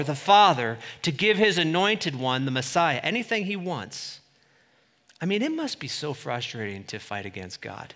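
Preacher in a reverberant hall. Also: male voice, a little high, sing-song, moderate pace. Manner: emphatic, swinging between loud declarations and quiet asides. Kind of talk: sermon.

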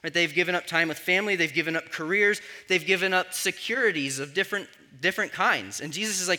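A male pastor delivering a sermon in a high, very bright and forceful voice. He teaches conversationally, often pausing to ask "right?" to keep the congregation with him. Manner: conversational teaching with frequent "right?" check-ins.

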